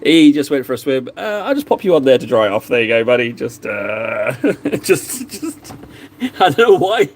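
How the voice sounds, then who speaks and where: A man's voice: medium pitch, sing-song, normal speed, slight background noise. A young man chatting casually while painting miniatures, rambling and laughing at himself, in a small cupboard room.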